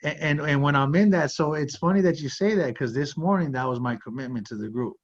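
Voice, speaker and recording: A man's voice: on the high side, brisk. A man hosting a talk show, sharing a personal story in an earnest conversational way, with frequent "like" and "you know". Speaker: podcast host. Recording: slightly muffled audio.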